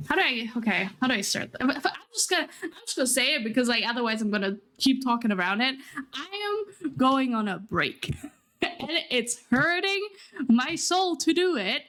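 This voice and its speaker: A young woman streamer talks to her chat in a casual, rambling way, her voice on the high side. She is near tears, drops swear words, and breaks into short laughs. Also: fairly bright tone. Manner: emotional, teary, swearing.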